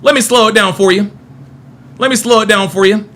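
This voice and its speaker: A man's voice: high voice, brisk, fairly bright tone. A man hosting a live call-in stream, talking in a heated, combative way, repeating himself and swearing often. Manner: combative, repetitive, profane.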